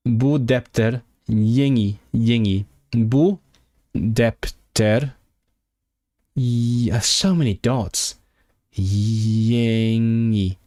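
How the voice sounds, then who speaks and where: A man's voice: mid-range voice, fairly even intonation, extremely slow, pauses often, warm tone, dry recording, studio quality, soft background music. A young man live-streaming his language study, chatting with viewers and sounding out foreign words with frequent restarts. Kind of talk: casual live-stream chat.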